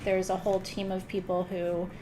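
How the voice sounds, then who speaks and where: A woman's voice: lowish voice, completely flat delivery, normal speed, mellow, a little hiss or hum. A middle-aged woman hosting a live-streamed spiritual ceremony, chatting casually, joking about herself and swearing lightly. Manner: joking, self-mocking, swears casually, laughs often. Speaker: host of an online spiritual ceremony.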